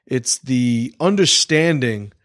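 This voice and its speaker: A man's voice: medium pitch, animated, slow, a bit bright, dry recording, clean studio sound. A man hosting a casual livestream podcast, rambling, swearing freely and restarting his sentences. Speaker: podcast host.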